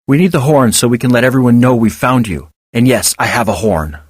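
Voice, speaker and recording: A man's voice: medium pitch, fairly quick, husky, lightly acted. A practical grown male squirrel rescuer explains things matter-of-factly, as a man reading a story voices him. He sounds close to an ordinary man's voice and is recorded without room echo.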